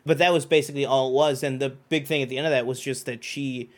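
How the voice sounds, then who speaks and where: A man co-hosting a podcast, talking in a rambling, animated way with plenty of fillers and restarts. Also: medium pitch, quick pace. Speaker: podcast co-host. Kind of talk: casual chat.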